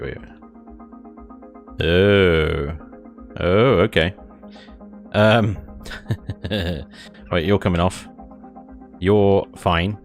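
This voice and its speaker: A man's voice: low voice, extremely slow, vocal fry, pauses often, soft background music. A man streaming a space game, thinking aloud, chuckling often and chatting with his viewers. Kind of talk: casual live-stream chat while building in a game.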